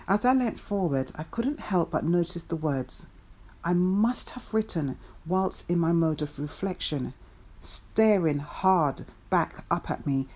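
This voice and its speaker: A woman reading her own first-person memoir in a reflective, measured storytelling manner. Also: low voice, darkish tone.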